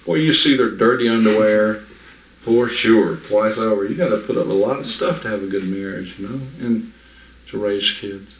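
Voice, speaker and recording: A man's voice: lowish voice, normal speed. A man giving informal Bible teaching to a small group, talking in a conversational, emphatic way and often checking that his listeners understand. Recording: echoey room, mic from afar.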